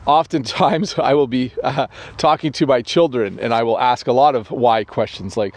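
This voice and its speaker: A man's voice: medium pitch, normal speed. A man teaching English expressions, explaining them patiently with everyday examples and frequent fillers. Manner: patient, steady, lots of fillers.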